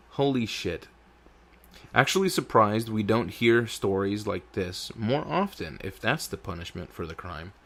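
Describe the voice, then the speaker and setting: A man hosting a casual podcast, rambling and swearing as he reads a news story aloud with his own asides. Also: on the low side. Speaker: podcast host.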